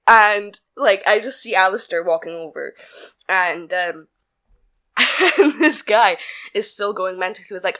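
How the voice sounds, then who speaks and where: A woman's voice: lowish voice, normal speed, bright, forceful tone. A young woman, telling a story with laughter and swearing in a casual podcast chat. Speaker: podcast co-host.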